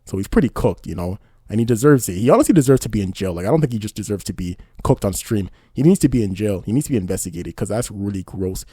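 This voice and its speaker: Man, casual commentary, indignant, rambling, quick, dry recording. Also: lowish voice, expressive, mellow, slightly rough, no room sound. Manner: indignant, rambling, repeats "you know what I mean". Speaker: commentary YouTuber.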